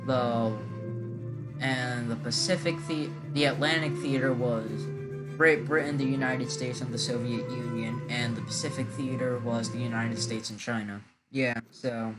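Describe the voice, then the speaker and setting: A man hosting his gaming channel, giving casual, rambling gameplay commentary with many hesitant fillers. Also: mid-range voice.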